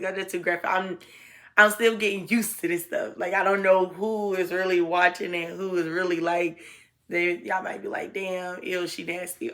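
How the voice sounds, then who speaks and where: A woman's voice: medium pitch, bright, forceful tone. A young woman telling a dramatic story to her viewers in a chatty, slangy, casual way. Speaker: storytime vlogger.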